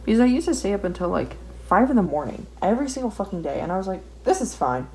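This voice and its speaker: A woman's voice: medium pitch, sing-song, racing, mellow. A young woman chatting casually while she draws, rambling, swearing often and putting herself down. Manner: swears a lot, rambling and self-deprecating. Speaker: art vlogger. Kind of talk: casual ranting while drawing. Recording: faint background noise.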